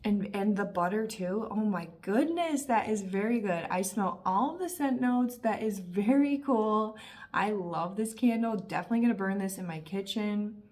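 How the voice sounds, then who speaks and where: A woman in her thirties talking casually and warmly about candles, gushing and chatty with lots of fillers. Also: mid-range voice, moderate pace. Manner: gushing, emotional, talkative with frequent fillers. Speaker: candle reviewer. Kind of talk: casual review vlog.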